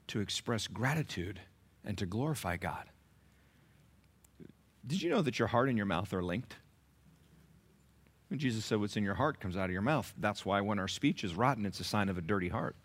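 A man preaching a sermon in a fairly low voice. He is emphatic and animated, pressing his points with rhetorical questions. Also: moderate pace, pauses often, husky. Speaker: pastor.

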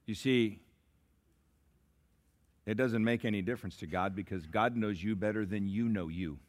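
A man preaching a sermon as pastor, swinging between shouted climaxes and hushed, slow asides. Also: fairly low pitch. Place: church sanctuary.

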